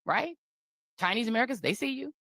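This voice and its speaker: A woman's voice: on the high side, animated, brisk, fairly bright tone, no room sound, studio quality. A woman on a talk show giving an impassioned monologue, fiery and rhetorical, hammering home repeated phrases and slipping into mocking voices.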